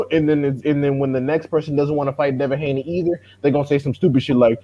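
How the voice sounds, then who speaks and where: A man's voice: a little high, fairly even intonation, fast talker, hardly any pauses. A man giving heated, profane boxing commentary in a casual podcast chat. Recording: dull lo-fi audio.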